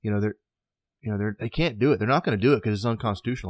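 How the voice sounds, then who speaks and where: A man's voice: lowish voice, rapid-fire, dry recording. A man co-hosting a casual podcast, talking in a laid-back, chuckling way. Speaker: podcast co-host.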